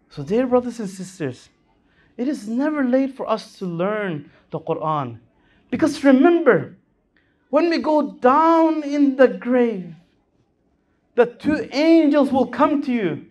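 A man's voice: extremely high pitch, big pitch swings, slow pace, a little mellow. A man preaching a sermon in an Islamic center hall, in a fervent, rising-and-falling delivery.

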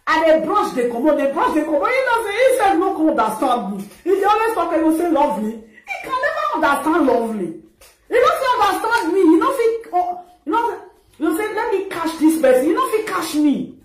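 A woman's voice: very high-pitched, very animated, fairly quick, roomy sound, background noise. A Nigerian woman in a mocking, insulting rant, laughing between her jabs. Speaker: social media personality. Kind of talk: ranting livestream monologue.

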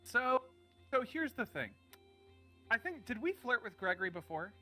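A man's voice: extremely high pitch, big pitch swings, moderate pace, sharp tone, faint music behind. A man co-streaming a game, chatting casually and joking around. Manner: jokey and playful. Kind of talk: casual let's-play chat.

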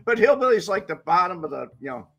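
Husky, high-voiced male co-host. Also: big pitch swings, fast talker, fairly bright tone, muffled recording. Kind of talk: casual livestream chat.

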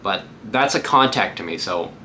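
A man's voice: deep voice, animated, moderate pace, sharp tone, a little hiss or hum. A man working as a real estate agent, giving a casual, upbeat tutorial on cold calling between live calls.

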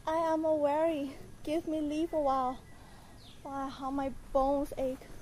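A weary nurse , played by a woman, grumbles about her aches in a high voice and keeps stalling with a teasing edge. A faint outdoor hum sits behind her. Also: little pitch movement, measured pace. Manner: complaining, stalling. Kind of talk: amateur Shakespeare film acting.

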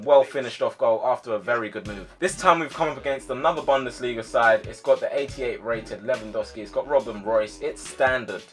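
A young man giving live commentary on his own football video game match, excitable, yelling at his players and sighing in frustration. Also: mid-range voice. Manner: excitable, shouts at players, swings to frustrated sighs. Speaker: gaming YouTuber.

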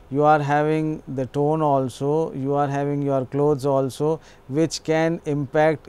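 A man's voice: on the high side, darkish tone, clear, resonant tone. A man giving an explanatory educational lecture, repeating himself now and then with small restarts.

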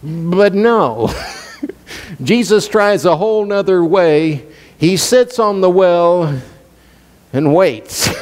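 Pastor guy preaching, high voice, swings up and down, long church echo. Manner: animated preaching, sweeping pitch swings. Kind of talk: sermon. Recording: long reverb in a church hall.

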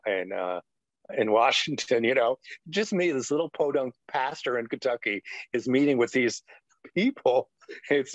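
A man's voice: mid-range voice, no room sound. Earnest middle-aged pastor telling his story. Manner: earnest, rambling storyteller full of "you know". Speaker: retired pastor, interview guest. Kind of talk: personal testimony in a podcast interview. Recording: dull, dry lo-fi sound.

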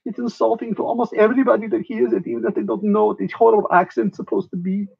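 A man's voice: normal speed, dry recording, highs cut off. A man voicing a whiny fellow who got shot in the face and now talks in a strange put-on accent. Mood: wailing. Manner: high, wailing, self-pitying.

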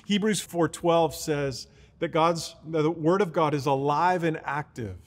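A man's voice: fairly high pitch, a little slow, big-room sound. A man preaching a teaching sermon in an earnest, explaining way, often restarting his words. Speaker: pastor.

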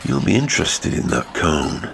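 A man playing a jealous, domineering ironworks owner who talks forcefully and abruptly, in an audiobook. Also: extremely low pitch, very animated, normal speed, creaky, slight background noise, heavily acted. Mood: grim relish. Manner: forceful, abrupt, suddenly talkative.

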